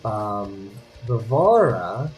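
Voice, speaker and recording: A man narrating as game master of a tabletop game, chatty and quick to apologize. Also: on the low side, highs cut off. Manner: lively, chatty, apologetic asides. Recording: faint guitar music behind.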